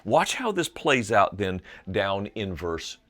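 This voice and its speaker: A middle-aged man teaching a Bible lesson, explaining a text in an animated storytelling way. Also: on the low side, slow pace. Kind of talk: video Bible lesson lecture.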